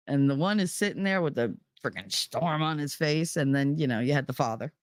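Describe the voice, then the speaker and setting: A woman's voice: deep voice, lively intonation, fairly quick, dry recording, clean studio sound. A middle-aged woman streaming from home, telling a story in casual chat, heated and profane. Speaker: live streamer.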